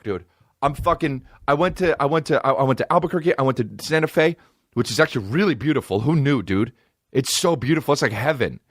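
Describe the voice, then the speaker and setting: Male comedian host, profane ranter, lively pitch, dry close sound. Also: no echo. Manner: profane, animated, swings between loud outbursts and low mutters. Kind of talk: ranting comedic monologue.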